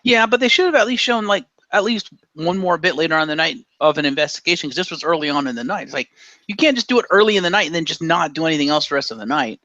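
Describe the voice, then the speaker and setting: A man co-hosting a casual podcast, animated and opinionated, acting out quotes and swearing as he argues his points. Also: fairly high pitch, fast talker, dry recording, highs cut off. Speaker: podcast co-host.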